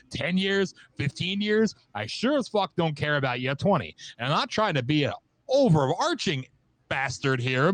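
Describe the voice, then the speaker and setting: A man's voice: fairly high pitch, fairly bright tone. A man in his late thirties co-hosting a casual talk show, bitter and sarcastic, swearing freely. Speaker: co-host. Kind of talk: casual podcast chat.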